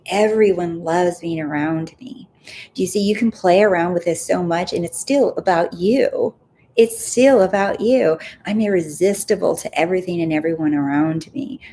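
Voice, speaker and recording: Middle-aged woman, lowish voice, upbeat live-stream coach, emphatic and chatty, faint hiss on a home mic. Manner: upbeat, emphatic, repeats affirmations with lively stress. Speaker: host of a live Q&A coaching session. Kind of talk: casual live-stream talk reading viewer comments.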